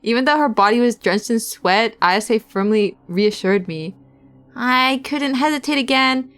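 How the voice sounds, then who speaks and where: A woman's voice: fairly high pitch, a little slow, fairly bright tone, faint music behind. A young woman streamer reading visual novel narration aloud, breaking off into giggly casual asides to chat.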